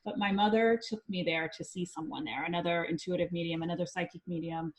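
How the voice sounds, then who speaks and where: A woman's voice: lowish voice, fast, rough recording. Chatty woman telling a story. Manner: chatty, lively storytelling with frequent ums. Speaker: psychic medium guest. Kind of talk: podcast storytelling.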